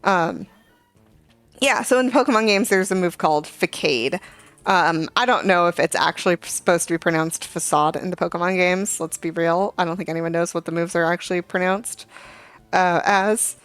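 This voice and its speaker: Rambling young woman streamer, low voice. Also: normal speed, fairly bright tone, smooth, no echo. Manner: rambling storyteller, many fillers and asides to the game. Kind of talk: casual gaming chat. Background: faint game music.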